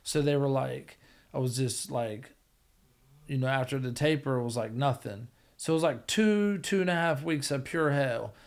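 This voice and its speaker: Gravelly man telling a blunt story. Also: mid-range voice, moderate pace. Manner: blunt, profane, rambling recovery story. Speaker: podcast guest. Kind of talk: casual storytelling.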